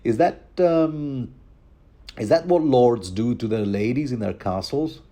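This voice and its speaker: A man's voice: measured pace, mellow, natural voice. A man voicing a frank, teasing young wildling woman. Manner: teasing, raised pitch.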